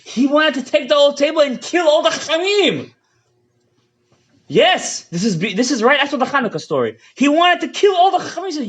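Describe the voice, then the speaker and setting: Man, rabbi, fiery Torah lecture, high animated voice, dull lo-fi audio. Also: a little fast. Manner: impassioned, swings between shouting and hushed asides; mixes English with Hebrew and Yiddish terms.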